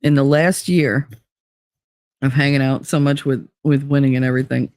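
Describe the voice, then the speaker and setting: A woman's voice: very deep voice, little pitch movement, moderate pace, a little mellow, no room sound. Woman streamer, blunt and profane, easy laughs; dry close mic. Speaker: live streamer. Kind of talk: casual live-stream chat.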